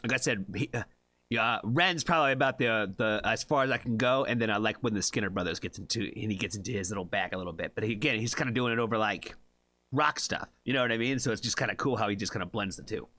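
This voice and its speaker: Male reaction streamer from the US, slightly low, punchy tone, dry close sound, rambling chatty delivery. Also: fast, bright, forceful tone, no echo. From United States. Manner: rambling, filler-heavy, chatty with viewers. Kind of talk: casual live-stream chat.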